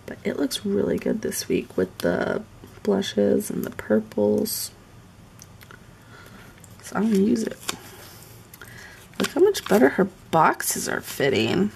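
A woman's voice: mid-range voice, huge pitch swings, slow pace, gravelly, pauses often, darkish tone, a little hiss or hum. A woman chatting casually on a live stream while decorating a planner at home, muttering asides to herself as she works.

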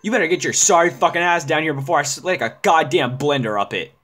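A man giving let's-play gaming commentary, ranting and swearing, often bursting into yells. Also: fairly high pitch, fast talker. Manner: profane, ranting, bursts into yelling. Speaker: gamer.

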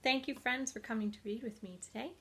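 A woman reads a children's book aloud with expressive, friendly storytelling. Her voice sits fairly high, and she talks gently to young listeners as a teacher. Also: quick pace, breathy edge.

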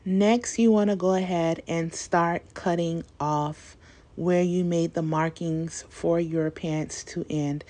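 A young woman talks through a home DIY project in a relaxed, chatty voice-over. Her voice sits a little low, and she speaks informally with plenty of fillers. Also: slow. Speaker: DIY video creator. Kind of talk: casual tutorial voice-over.

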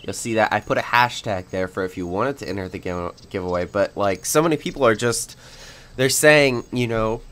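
Casting: young male gaming host, lowish voice, rambling and giggly, loose casual chat. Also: fairly quick, fairly bright tone. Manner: rambling, filler-heavy, giggly. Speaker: gaming YouTuber. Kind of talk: casual let's-play chat.

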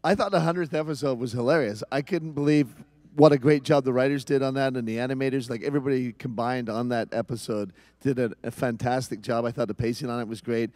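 A man's voice: medium pitch, steady tone, fast, darkish tone, no echo. A man on a convention panel enthusiastically praising, repeating himself.

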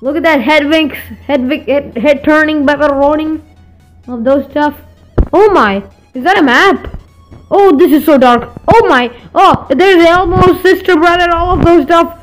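A woman's voice: high voice, a little slow, faint music behind, poor audio. A young woman with a put-on accent commenting on gameplay, stammering and exclaiming as she reacts. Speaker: gaming video host.

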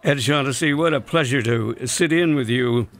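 A male radio host interviewing a guest in a calm, courteous way. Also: mid-range voice, moderate pace.

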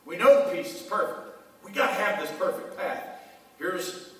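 A man's voice: high-pitched, animated, normal speed, pushed and bright. A male pastor preaching a conversational sermon in a church and calling out questions to the congregation. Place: church sanctuary. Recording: echoey church hall from far off.

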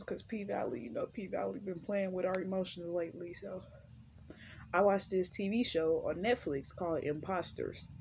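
A woman's voice: mid-range voice, vocal fry, slight background noise. Rambling young woman vlogger. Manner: rambling, lots of fillers, relaxed slang. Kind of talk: casual rambling chat.

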